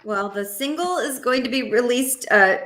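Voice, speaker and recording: A bright, fairly high-pitched woman chats as an interview guest. She tells stories playfully, laughs often and drops into quick character voices. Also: animated. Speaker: guest voice actress. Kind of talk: casual interview chat.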